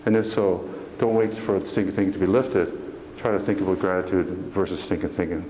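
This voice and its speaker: A man's voice: sits low, fairly quick, warm tone, a little hiss or hum. Man giving a motivational talk in an echoey church hall. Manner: earnest, folksy, asks the audience questions. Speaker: motivational speaker.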